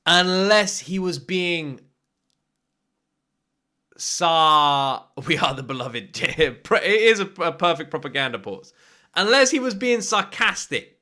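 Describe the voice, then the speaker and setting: Animated British man reacting to anime. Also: sits high. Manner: animated, swears freely, quick asides and laughs. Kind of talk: casual reaction commentary.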